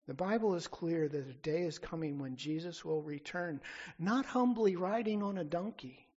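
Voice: medium pitch, normal speed, a little mellow, husky, lo-fi sound. A pastor preaching a sermon with emphatic declarations that build and then drop back down.

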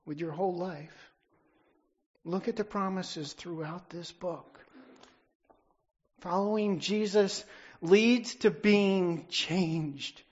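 Slow, husky preacher delivering a sermon. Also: medium pitch, muffled recording. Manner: emphatic, building to loud declarations. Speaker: pastor.

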